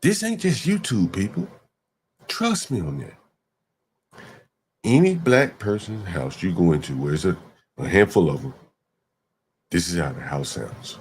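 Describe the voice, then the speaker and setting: A man's voice: deep voice, big pitch swings, unhurried, pauses often, a little mellow, slight background noise. A man hosting a livestream, talking emphatically in repeated rhetorical questions. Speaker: livestream host. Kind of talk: ranting livestream commentary.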